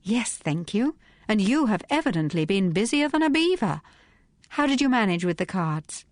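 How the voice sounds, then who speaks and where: A woman reading an audiobook, voicing a glamorous, sharp-witted young lady detective in a brisk, assured tone. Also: medium pitch, very animated, dry recording, studio quality, pitched above the performer's own voice, lightly acted.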